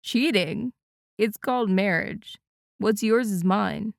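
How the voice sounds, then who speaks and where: A woman's voice: medium pitch, slow pace, gravelly, no room sound, studio quality. Woman voicing a teasing young man. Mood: playful. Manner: playful, teasing. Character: joking adult man, teasing brother-in-law. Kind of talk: audiobook character voice.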